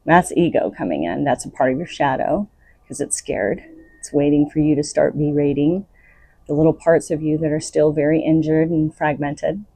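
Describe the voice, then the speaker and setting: A woman hosts her own podcast, offering unscripted spiritual self-help in an earnest, coaching tone and laughing between thoughts. Her deep voice is mellow with a breathy edge, moves at a moderate pace, and carries no echo.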